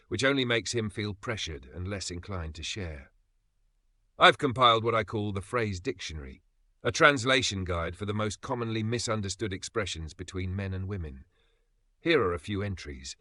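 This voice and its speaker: A man reads self-help narration in a low voice with a bright, forceful edge. He explains each point in a steady, even way. The recording is dry and close, with no room sound. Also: moderate pace, no echo. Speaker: audiobook narrator.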